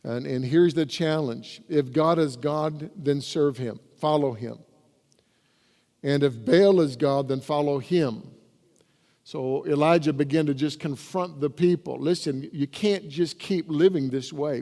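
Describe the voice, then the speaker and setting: Pastor guy preaching, fairly high warm voice, big church reverb around him. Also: measured pace. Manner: preaching with rising emphasis while reading scripture aloud. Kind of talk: sermon. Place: church sanctuary.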